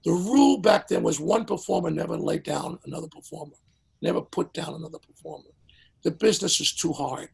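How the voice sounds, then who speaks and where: An older man, a veteran singer, telling a lively anecdote as a podcast guest and acting out the people in it. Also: fairly high pitch, fairly quick, creaky, breathy edge, poor audio. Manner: lively storyteller who acts out the people in his stories. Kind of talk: animated anecdote in a podcast interview.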